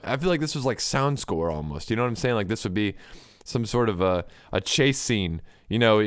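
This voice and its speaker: A man's voice: on the low side, clean tone, dry recording, clean studio sound. A young man hosting a music review livestream, chatting loosely with frequent laughs and fillers. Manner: rambling, laughs often, lots of "like" and "you know". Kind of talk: casual chat.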